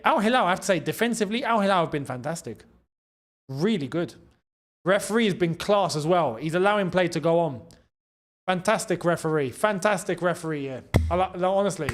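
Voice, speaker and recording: A young man with a London accent hosts a live football watchalong, reacting to the match and thanking viewers for their messages. His voice sits high and swings widely in pitch. He keeps it chatty and laughs often. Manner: chatty, laughs often, reads out super chats. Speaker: watchalong host. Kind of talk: casual live match commentary.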